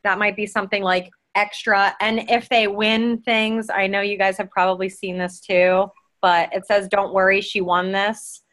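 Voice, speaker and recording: A woman's voice: mid-range voice, flat delivery, normal speed, a bit bright. A woman chatting casually on a team call, rambling with lots of fillers and restarts as she shares tips. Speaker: team member sharing tips.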